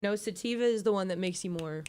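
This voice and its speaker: A woman's voice: mid-range voice, fast, a little mellow, slight background noise. A young woman giving a casual, joking slideshow presentation, playful and giggly with lots of ums.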